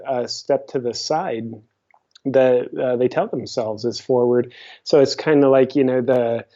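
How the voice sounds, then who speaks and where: A man speaking as a guest on an interview show, relaxed and wry as he muses. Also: mid-range voice. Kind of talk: casual interview chat. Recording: dull lo-fi audio.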